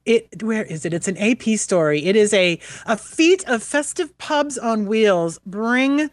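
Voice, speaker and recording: A middle-aged woman from New Hampshire, co-hosting a radio show in casual chat, chatty and quick to laugh. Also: on the high side, expressive, no room sound, clean studio sound. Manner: chatty, laughs easily, wanders between topics. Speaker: radio co-host.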